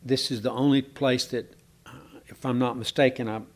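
A preacher with a drawl, speaking at normal speed in a steady, medium-pitched voice, walks his congregation through a Bible text. His style is informal and searching, halting on fillers, and he often asks listeners what they think.

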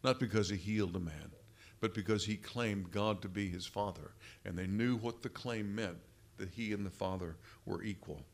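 A man preaching a sermon in an emphatic, deliberate way, leaning on repeated phrases. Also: fairly low pitch.

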